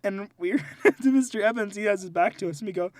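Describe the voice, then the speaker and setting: A young man with a fairly high voice tells a story on a podcast late at night. He sounds tired and near tears but stays animated and laughs often. The sound is dry and close. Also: fast, no echo. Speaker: podcast co-host. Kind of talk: casual late-night chat.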